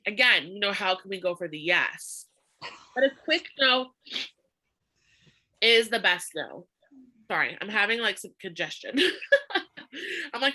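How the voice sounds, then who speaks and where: A woman's voice: a little high, expressive, unhurried, long pauses, sharp tone. A woman leading a live online social media training, upbeat and emphatic, laughing often as she talks.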